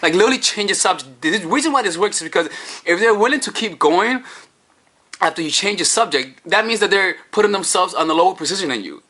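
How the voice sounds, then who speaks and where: Animated, bright-voiced dating coach. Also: male voice, high voice, quick pace. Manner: profane, animated, rambling. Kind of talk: casual advice vlog. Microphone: camera-mounted microphone.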